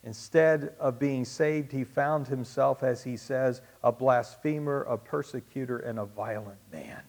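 A man preaching a sermon to his congregation. He swings from loud, emphatic peaks to hushed asides and repeats key phrases for emphasis. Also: mid-range voice, measured pace, vocal fry. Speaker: pastor.

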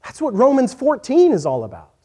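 A man preaching a sermon in an earnest voice that moves from quiet, reflective passages to emphatic points. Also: very high voice, huge pitch swings, brisk, breathy edge. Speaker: pastor.

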